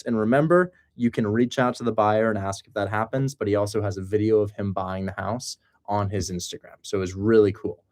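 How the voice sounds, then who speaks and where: A young man hosting a casual livestream, excitable and joking. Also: on the low side. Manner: excitable and joking, breaks into loud mock accents. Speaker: host of a livestream on real estate wholesaling.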